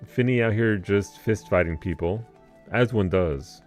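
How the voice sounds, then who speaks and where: A man streaming a game, chatting casually in a rambling way with filler pauses. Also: lowish voice, darkish tone, faint music behind. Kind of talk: casual gameplay commentary.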